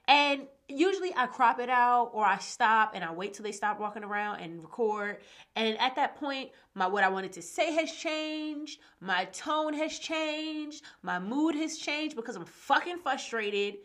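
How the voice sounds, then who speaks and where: A woman's voice: a little high, expressive, measured pace, a bit bright. A woman, talking casually, candid and frank, swearing freely when frustrated. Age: 20s. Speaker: podcast host. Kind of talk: casual solo podcast talk.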